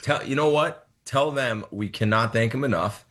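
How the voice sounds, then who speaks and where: A man's voice: medium pitch, moderate pace, fairly bright tone. A middle-aged man, a head football coach, answering questions in an earnest, friendly way. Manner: earnest, friendly, repeats words. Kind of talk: casual interview chat.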